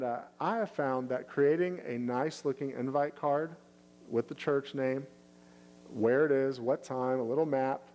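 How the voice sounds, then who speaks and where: A male pastor answering questions in a casual Q&A, speaking in a halting way with many restarts and fillers, and lifting his voice when he acts out friendly invitations. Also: medium pitch, darkish tone, a little hiss or hum, rough recording. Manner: acts out inviting lines in a lifted, upbeat voice.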